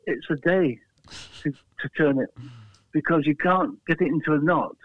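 An English man talks through a tinny phone line, his voice a little higher than most. He rambles through his stories with frequent restarts and chuckles, in easy interview chat. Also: normal speed, dry recording. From England. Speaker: guest, flag maker.

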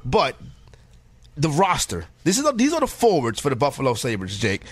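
A man's voice: mid-range voice, huge pitch swings, normal speed, husky, no echo. A man hosting a radio show, chatting casually and joking as he stumbles through a list of names. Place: radio studio.

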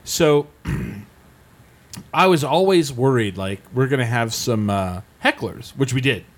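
A man's voice: mid-range voice, slow. A man hosting a podcast in casual chat, telling stories and acting out quotes in raised voices. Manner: animated storyteller, acts out quotes in raised voices. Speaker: podcast host.

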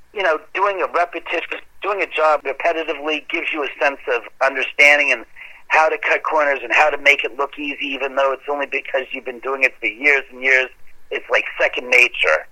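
A man casually telling a long story in an animated, conversational way, with the odd curse word. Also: on the high side, poor audio. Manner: animated, conversational, occasional swearing.

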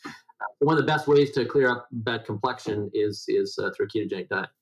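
Speaking fairly quickly over poor audio, a middle-aged man guests on an interview as a health educator. He describes his own voice as high and nasal, and he rambles through the conversation with many restarts and fillers.

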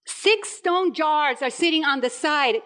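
High-voiced woman preaching a sermon. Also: unhurried. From Puerto Rico. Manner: animated storytelling with acted-out quotes.

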